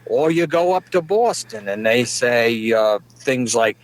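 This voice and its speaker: A middle-aged man tells a rambling comic story in a folksy way. His voice sits at an ordinary middle pitch. He often breaks into chuckles at his own jokes. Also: lively intonation, unhurried, hardly any pauses, no echo. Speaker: comedic podcast guest. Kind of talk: rambling comedic monologue.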